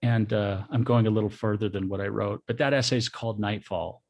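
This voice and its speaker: Middle-aged male guest, gravelly husky voice, soft, halting, reflective. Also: lowish voice, fairly even intonation. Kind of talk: personal storytelling.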